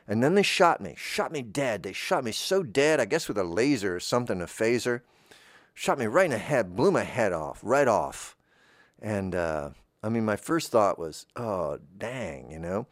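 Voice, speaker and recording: A man improvising a comic story in a rambling, deadpan way, drifting off on tangents. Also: on the low side, normal speed, no echo, studio quality. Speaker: comedy podcast performer.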